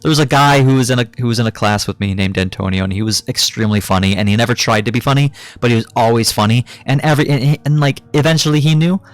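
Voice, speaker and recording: A man's voice: mid-range voice, quick pace, few pauses, dry recording. A young adult man giving a casual, rambling gaming commentary, swearing freely and filling his talk with ums and uhs. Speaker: gaming YouTuber.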